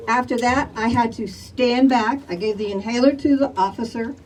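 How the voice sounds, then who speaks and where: A woman's voice: on the high side, fairly even intonation, normal speed, a little mellow, distant mic, rough recording. An older woman from Chicago, speaking emphatically to a crowd at an outdoor community rally. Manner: emphatic, rallies the crowd with "all right?". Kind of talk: impassioned public testimony.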